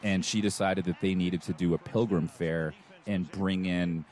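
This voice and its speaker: A man's voice: deep voice, steady tone, normal speed, a little mellow. A man co-hosting a podcast, casually recapping a movie plot and cast in detail. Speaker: podcast co-host. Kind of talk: casual chat.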